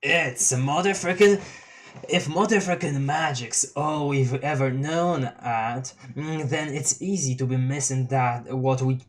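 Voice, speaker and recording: A reader voicing a laid-back clown troll boy who drawls slow rambling rhymes, swears and honks, in a dramatic reading of a webcomic. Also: medium pitch, close to an everyday voice. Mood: mellow drawl.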